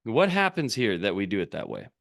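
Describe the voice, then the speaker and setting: A man with a lowish, brisk voice and vocal fry delivers business coaching directly to camera. He's animated and urgent, pressing viewers with question after rhetorical question.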